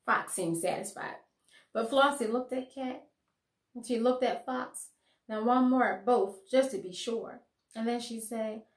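A woman teacher reading a children's story aloud with expressive storytelling, heard in an echoey room. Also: on the high side, unhurried.

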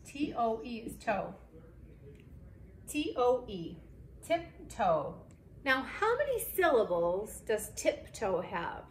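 A woman teaching a phonics lesson to second graders, speaking slowly and clearly with lots of encouragement and spelling words out letter by letter. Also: on the high side, big pitch swings. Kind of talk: remote phonics lesson for children. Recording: echoey room, faint background hiss.

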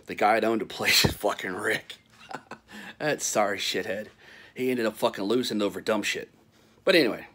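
A man's voice: lowish voice, fairly bright tone. Profane, rambling middle-aged man storyteller. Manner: profane, rambling, laughs often. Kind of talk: casual storytelling.

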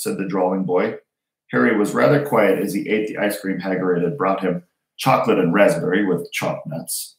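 A man reading a children's storybook aloud in a steady, measured way. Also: fairly low pitch, gravelly. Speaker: reader. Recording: roomy echo.

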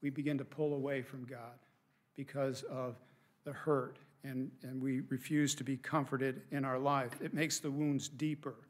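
A man's voice: medium pitch, flat delivery, normal speed. A middle-aged man, a pastor, preaching a sermon from the pulpit in an earnest, conversational way with casual asides. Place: church sanctuary.

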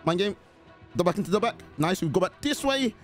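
Young guy yelling through a horror game match, voice jumps all over, game music under it. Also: high-pitched, a little fast. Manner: excitable, talks to teammates and the killer. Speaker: gaming YouTuber. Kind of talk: live gameplay commentary.

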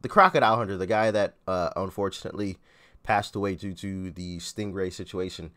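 A man hosting a reaction video, chatting casually and relaxed with some hesitations. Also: low-pitched, fairly quick. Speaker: reaction channel host.

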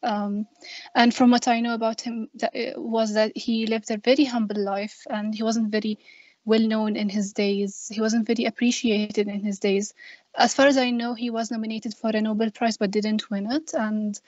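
A young woman student speaking softly and hesitantly over a video call. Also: fairly high pitch, level tone, moderate pace, no echo. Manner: soft-spoken, hesitant. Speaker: student participant. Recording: dry, lo-fi video call audio.

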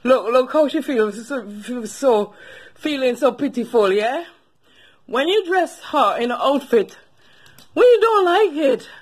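A woman's voice: sits high, animated, measured pace, slightly rough. A woman vlogging casually, chatting to viewers and using baby talk with her dog. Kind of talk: casual vlog chat.

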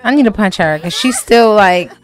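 A woman's voice: medium pitch, expressive, normal speed, soft background music. A woman commenting on her life-sim game as a let's play host, dramatic and slangy, full of exclamations and swearing.

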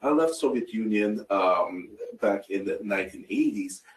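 A man's voice: fairly low pitch, expressive, moderate pace. A middle-aged man with a Russian accent giving a casual conference talk, with many fillers and restarts. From Ukraine. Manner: conversational with frequent fillers and self-corrections. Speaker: conference speaker. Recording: roomy sound, distant from mic.

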